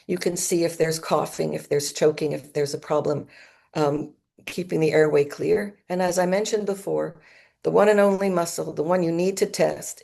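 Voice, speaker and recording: Low gravelly woman lecturing. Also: darkish tone. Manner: explanatory, demonstrates symptoms with her own voice. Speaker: conference speaker. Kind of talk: medical conference lecture. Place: auditorium.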